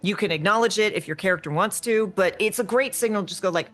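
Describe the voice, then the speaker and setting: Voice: mid-range voice, fast, a bit bright, faint music behind. A co-host in a casual, earnest chat about tabletop games, often saying "like". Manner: earnest, repeats "like". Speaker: podcast co-host.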